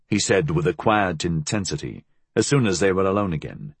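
Husky low-voiced male storyteller. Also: big pitch swings, normal speed, dry recording. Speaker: audiobook narrator. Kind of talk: scripted narration.

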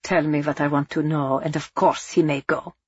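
A menacing male army captain with a calm, coaxing cruelty, read by a woman. The voice sits low with a husky edge. The audiobook sound is dry and slightly dull. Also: normal speed, no echo. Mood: cold.

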